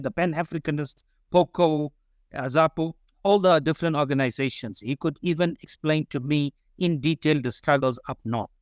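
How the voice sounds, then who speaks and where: A man's voice: a little high, no echo, studio quality. Earnest man giving formal closing remarks. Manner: addresses everyone as comrade, earnest and solemn. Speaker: symposium speaker.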